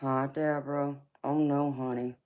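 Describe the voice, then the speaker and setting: Tired woman chatting warmly. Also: rumbling low, level tone, a little slow, muffled recording. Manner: affectionate, calls viewers honey and girlfriend. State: tired from little sleep. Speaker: tarot reader hosting a livestream. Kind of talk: casual livestream chat.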